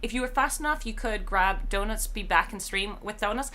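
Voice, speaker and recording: A woman's voice: medium pitch, a little fast, pushed and bright. A woman live-streaming games, chatting casually and rambling, her voice tired and strained. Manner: chatty, rambling, reads chat aloud. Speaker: game streamer.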